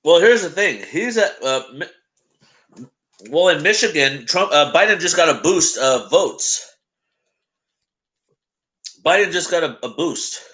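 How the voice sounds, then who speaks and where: A man's voice: fairly high pitch, expressive, measured pace, long pauses, bright, forceful tone. A young man hosting a casual live stream, chatting to his viewers and greeting them by name. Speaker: live-stream host reacting to election coverage.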